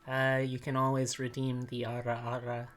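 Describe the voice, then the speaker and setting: A woman's voice: very deep voice, normal speed. A woman livestreaming who chats casually with her viewers while eating dinner and reads their messages aloud. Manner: relaxed, chats with viewers between bites, reads chat aloud.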